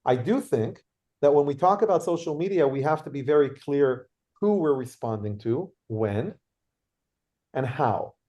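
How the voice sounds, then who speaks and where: A man leading a workshop, telling lively anecdotes and acting out quotes. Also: medium pitch, measured pace. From Israel. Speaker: workshop leader. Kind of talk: workshop talk with storytelling.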